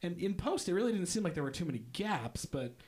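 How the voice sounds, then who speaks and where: High-pitched guy chatting on a podcast, jokey. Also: big pitch swings, a little mellow. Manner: chimes in with quick reactions and jokes. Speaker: podcast co-host, filmmaker. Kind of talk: casual chat.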